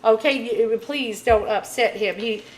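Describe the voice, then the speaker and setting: A woman's voice: on the high side, a little slow, a little hiss or hum, rough recording. A woman tarot reader talking to camera in a casual, rambling rant, blunt and full of filler phrases.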